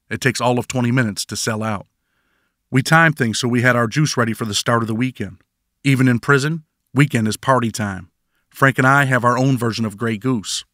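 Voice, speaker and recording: Man, first-person memoir narration, wry, middle pitch, dry close sound. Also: pushed and bright, no echo. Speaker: author narrating his prison memoir.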